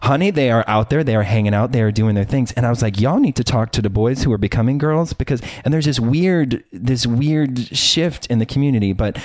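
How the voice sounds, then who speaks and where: A man's voice: medium pitch, brisk, few pauses, a little mellow, no echo. A man from Chicago hosting a talk show, with a mid-range voice and a campy, chatty, playful manner. The sound is dry and close, with no room in it. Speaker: host. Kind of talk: casual interview talk.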